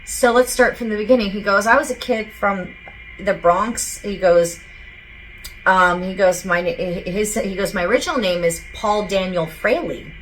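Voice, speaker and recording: A woman in a casual channeling session, speaking at an average pitch and recounting a spirit's words in a loose, rambling way. A faint hiss sits under her voice. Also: normal speed, low-quality recording. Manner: rambling, relays spirit messages in quotes. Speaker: psychic medium.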